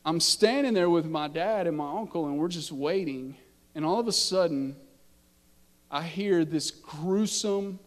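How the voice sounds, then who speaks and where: A man, a pastor telling a story in his sermon and building from quiet narration to impassioned preaching. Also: a little high, big-room sound. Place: church sanctuary.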